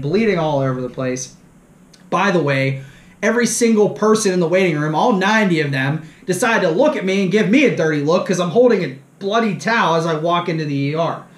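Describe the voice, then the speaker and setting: Man telling a story in an echoey room. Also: on the high side. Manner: animated, self-mocking anecdote with quoted dialogue. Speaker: fishing show host. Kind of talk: casual storytelling.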